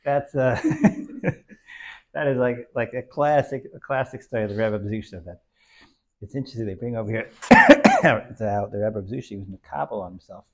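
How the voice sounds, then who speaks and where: A man's voice: lowish voice, brisk, fairly bright tone. A man telling a Hasidic story in an informal lesson, rambling with many restarts and dropping in Yiddish and Hebrew terms.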